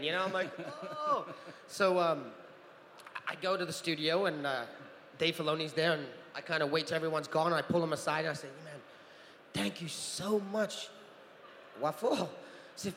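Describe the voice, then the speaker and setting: A man in his forties tells stories on a convention stage, animated and quick to act out other people's voices between laughs. His voice sits fairly high for a man. Long hall reverb carries it, with a faint murmur of ambience underneath. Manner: animated storyteller, acts out voices, laughs often. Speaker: convention panel guest, actor. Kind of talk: storytelling Q&A on stage. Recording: roomy hall reverb with faint crowd noise.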